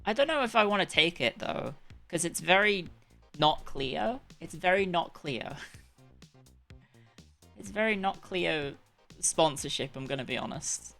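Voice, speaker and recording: A woman's voice: on the low side, expressive, measured pace, creaky, pauses often, fairly bright tone, faint music behind. A young woman chatting casually on a live stream, rambling and correcting herself as she goes.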